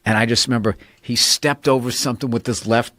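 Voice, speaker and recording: A man's voice: medium pitch, steady tone, fast, sharp tone, no echo. A man, a comedian, telling stories in casual podcast chat, swearing freely and laughing often. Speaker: comedian guest.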